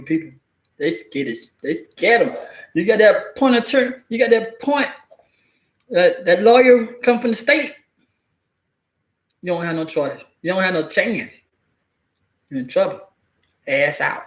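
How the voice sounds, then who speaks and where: High-voiced man in an echoey room. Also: lively intonation, measured pace, long pauses. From southeastern US. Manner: slangy, rambling, laughs between phrases. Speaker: vlogger. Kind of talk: casual commentary to camera.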